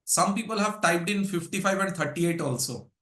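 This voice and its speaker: High, bright-voiced coach. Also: male voice, normal speed. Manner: energetic, drills points with rhetorical questions and lists. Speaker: English speaking coach. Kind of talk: live workshop teaching.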